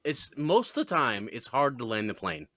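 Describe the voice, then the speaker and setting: A man's voice: medium pitch, big pitch swings, normal speed, fairly bright tone, no echo, clean studio sound. A man hosting a podcast, laid-back, with short reactions, leading the talk on to the next topic. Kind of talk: casual podcast chat.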